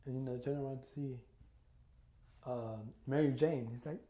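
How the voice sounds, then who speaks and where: A man's voice: medium pitch, fairly even intonation, normal speed, warm tone, reverberant. A man casually retelling a fan story, rambling with lots of fillers and acting out the quotes. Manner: rambling, full of "you know" and "like", acts out quotes.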